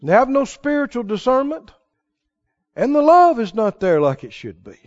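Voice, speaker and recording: A male preacher with a very high, lively voice that swings all over the place. He tells his stories in a folksy way and then presses his point hard. The recording is dull and lo-fi. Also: moderate pace. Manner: folksy storytelling, rising to emphatic exhortation. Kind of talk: sermon.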